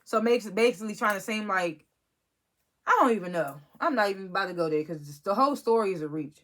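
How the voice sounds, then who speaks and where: A reality TV recap vlogger with a mid-range, fairly bright voice talks briskly and animatedly. Her review of an episode is casual and rambling, and she sounds exasperated, often restarting her sentences.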